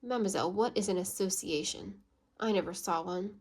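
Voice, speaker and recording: A woman's voice: medium pitch, a little fast, breathy edge, close to an everyday voice. A woman reading aloud, voicing a blunt, scornful Englishman in a storybook, without much change from her own voice.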